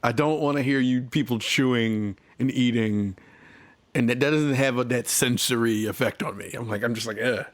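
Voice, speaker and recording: A man co-hosting a gaming podcast in casual chat, relaxed and quick to laugh. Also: medium pitch. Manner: laid-back, laughs easily. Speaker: podcast co-host.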